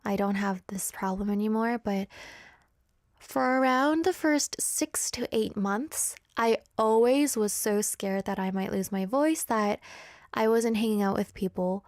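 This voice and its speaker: A woman's voice: medium pitch, a little slow, darkish tone, dry recording. A woman hosting a radio show, chatting on air in a candid, self-mocking way into a studio microphone. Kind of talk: casual on-air chat.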